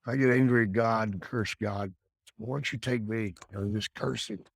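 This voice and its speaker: Male guest, raspy and gravelly, mid pitch, dry sound, candid. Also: fairly even intonation, moderate pace, no room sound. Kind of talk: reflective conversation.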